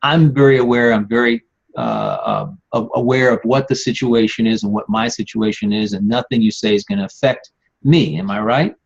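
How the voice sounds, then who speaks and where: A man's voice: fairly low pitch, sing-song, normal speed, vocal fry, breathy edge. A man hosting a podcast, breaking in to recap and question his guest's points. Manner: interjecting, recapping points for listeners. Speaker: podcast host. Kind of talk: casual conversational chat. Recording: dull lo-fi sound.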